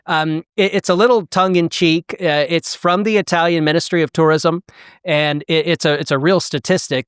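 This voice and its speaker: A middle-aged American man from the South and Midwest, hosting a casual podcast chat and talking in halting restarts with many fillers. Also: a little high, fairly bright tone, clear, resonant tone, no echo, studio quality. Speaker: podcast host.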